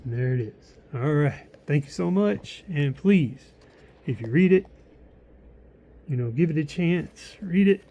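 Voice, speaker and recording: A man's voice: on the high side, lively intonation, a little slow, warm tone. A tired man chatting casually to camera about his new book, rambling with lots of likes and restarts.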